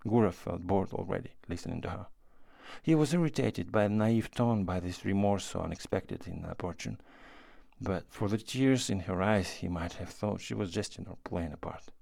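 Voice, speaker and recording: A man narrating a classic short story as an audiobook, in a measured, unhurried way. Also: sits low, creaky, warm tone, no echo. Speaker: reader.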